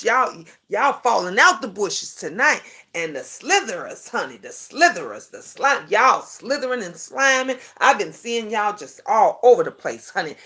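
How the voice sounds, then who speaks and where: A woman's voice: mid-range voice, normal speed. A woman hosts a casual livestream chat. She talks in a sassy, preachy way, calling her viewers honey and boo. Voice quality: lively, sing-song greetings. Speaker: livestream talk show host.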